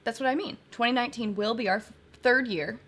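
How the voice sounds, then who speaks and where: Bright, chatty woman co-hosting a live stream. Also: a little high, fast talker, breathy edge. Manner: chatty, emotional, giggly. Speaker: co-host. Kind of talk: casual chat on a live stream.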